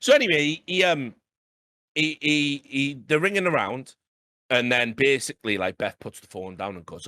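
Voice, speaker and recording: A man's voice: mid-range voice, normal speed, bright, forceful tone, dry recording, studio quality. A man co-hosting a podcast, animatedly retelling a TV episode with frequent laughs. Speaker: podcast co-host. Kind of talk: casual podcast storytelling.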